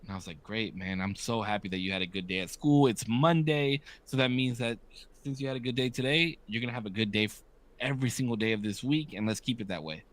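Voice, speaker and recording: A man's voice: mid-range voice, fast, a bit bright. A man in his thirties chatting casually as a podcast co-host, candid and swearing often, acting out the voices of people he quotes. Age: 30s. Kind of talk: casual chat.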